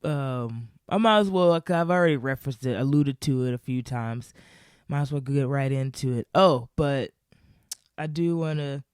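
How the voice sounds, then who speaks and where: A woman's voice: a bass voice, moderate pace, darkish tone, clear, resonant tone, dry recording, clean studio sound. A woman vlogger telling a casual comic story to camera, rambling, swearing casually and laughing often.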